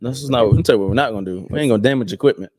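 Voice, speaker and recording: A man co-hosting a podcast, telling a story in a loose, chatty way and breaking into lively acted-out dialogue. His voice sits in the middle of the pitch range. The sound is dry and close. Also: racing, dry recording. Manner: animated, acts out voices in quoted dialogue. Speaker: podcast co-host. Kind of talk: casual storytelling.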